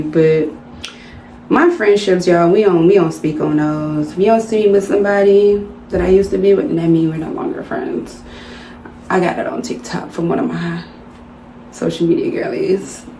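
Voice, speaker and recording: A woman's voice: lowish voice, mellow. A young woman with a Southern American accent, chatting casually to her viewers in a vlog and calling them y'all. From Southern United States. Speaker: vlogger. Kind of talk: casual chit-chat vlog. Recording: roomy home recording with faint background noise.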